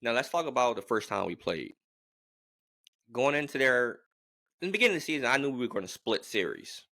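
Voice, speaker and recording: A man vlogging as a sports fan, giving a rambling, animated game prediction in casual talk. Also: medium pitch, a little fast, gravelly, no echo, studio quality. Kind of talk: casual sports opinion monologue.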